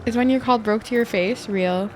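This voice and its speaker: A woman streaming a game, chatting casually with viewers, excitable and swearing a lot. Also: on the high side, fairly quick, a little hiss or hum. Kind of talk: casual live-stream chat. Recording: faint music behind.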